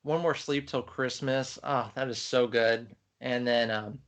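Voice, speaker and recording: A man's voice: mid-range voice, fairly even intonation, measured pace, fairly bright tone. A man co-hosting a podcast, chatting in an enthusiastic, rambling way about films. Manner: enthusiastic, chatty, many fillers. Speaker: podcast co-host. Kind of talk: casual film chat.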